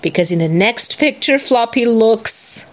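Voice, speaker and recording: A woman's voice: animated, unhurried. A middle-aged woman teaching a picture book, reading character lines with big swings in her voice and explaining words in between. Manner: acts out character lines with big pitch jumps, explains in Chinese. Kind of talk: bilingual picture-book read-aloud lesson.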